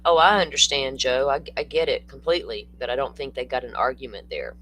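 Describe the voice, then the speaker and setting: A man's voice: medium pitch, animated, brisk, pushed and bright, slight background noise, poor audio. Chatty older man hosting a livestream. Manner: chatty, blunt, answers chat comments. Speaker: true-crime livestream host. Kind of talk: casual livestream chat.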